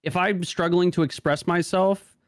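A man's voice: high-pitched, fairly even intonation, moderate pace, no room sound, clean studio sound. A man talking casually as a podcast guest, stammering and restarting often, with many "like" fillers. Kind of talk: casual conversation.

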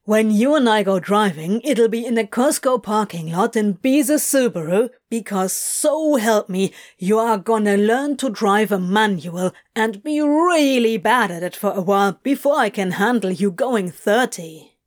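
A woman voicing a swearing, exasperated male demon who talks loudly and frantically. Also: mid-range voice, lively intonation, unhurried, few pauses, lightly acted. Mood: frantic. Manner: loud, exasperated, cursing.

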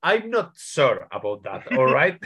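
A man from Spain with a Spanish accent, an author guest in a casual interview, speaking English haltingly with many restarts and repeated words. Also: medium pitch, very animated, fairly bright tone, breathy edge, highs cut off.

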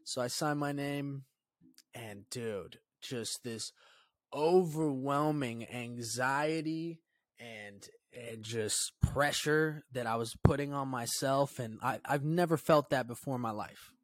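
A young man hosting his own podcast, telling a story in a loose, profane, rambling way and dropping to a low mutter when he quotes his own thoughts. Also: takes it slowly, no echo. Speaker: podcast host. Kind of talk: casual solo podcast storytelling.

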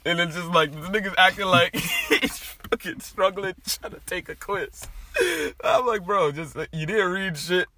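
Bright-voiced young man telling a story. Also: sits high, a little slow. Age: young adult. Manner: profane, animated storytelling with big laughs. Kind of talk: casual chat, storytelling.

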